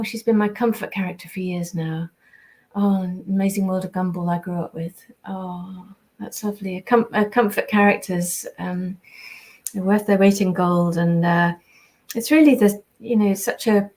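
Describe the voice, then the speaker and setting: Signing prints for fans during a livestream, an older woman reads their messages aloud and chats casually; she is a voice actress who was born in the US and moved to England at seven. She speaks at medium pitch with a darkish tone, rambling along with plenty of ums and false starts.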